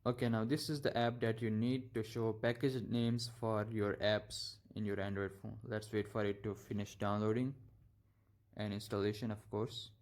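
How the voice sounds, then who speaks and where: A young man hosting a tech tutorial, narrating each step casually with halting, stumbling phrasing. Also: fairly low pitch, flat delivery, darkish tone. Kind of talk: screen-recorded software tutorial.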